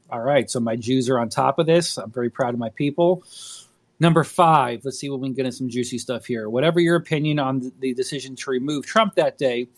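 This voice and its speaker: A man's voice: medium pitch, fairly quick. A man hosting a casual online audio chat, joking and swearing freely as he reads a thread aloud. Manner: irreverent, jokey, swears freely. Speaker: discussion host reading a thread aloud. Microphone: phone app audio room.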